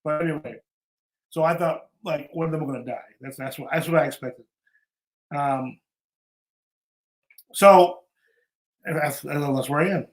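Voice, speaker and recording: A man's voice: fairly high pitch, normal speed, long pauses, roomy sound. A man hosting a podcast, recapping a show in casual, rambling chat and often repeating himself. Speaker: podcast host.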